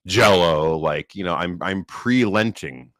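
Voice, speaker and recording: A man's voice: low-pitched, measured pace, a bit bright, dry recording. A man co-hosting a podcast in casual chat, talking with a slight lisp from new braces and rambling with restarts. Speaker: podcast co-host.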